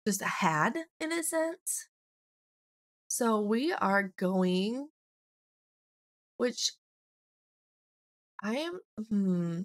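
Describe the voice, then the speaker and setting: A young woman, slightly hoarse, chatting and rambling through a let's play of a life-sim game. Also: mid-range voice, a bit bright, no echo. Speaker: gaming YouTuber.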